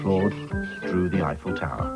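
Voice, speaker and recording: A man narrating a children's cartoon in a gentle, unhurried storytelling manner. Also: low-pitched, loud music behind the voice, low-quality recording.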